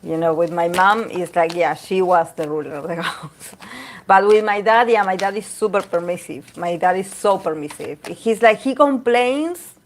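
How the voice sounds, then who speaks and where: A woman's voice: lowish voice, normal speed, a little hiss or hum. A woman talking casually and candidly about herself, rambling with many fillers and restarts. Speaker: tarot reader. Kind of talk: casual talk to camera.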